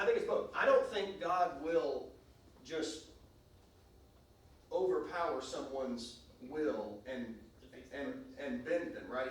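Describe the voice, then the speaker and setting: A man teaching a church Bible class, emphatic and stopping often to restart or to ask the class questions. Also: on the high side. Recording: echoey room, recorded from a distance.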